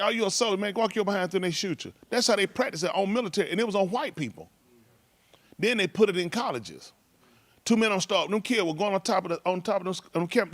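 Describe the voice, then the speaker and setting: A man, talking casually and rambling from one story to the next. His voice sits a touch high for a man, and the recording is dry and close with no room sound. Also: dry recording. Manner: loose rambling delivery with laughs and shouted impressions.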